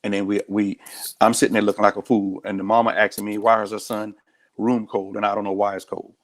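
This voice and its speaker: Speaking quickly with a lowish voice and flat delivery, a male sheriff from the United States tells stories as an interview guest. His candid talk is direct and earnest.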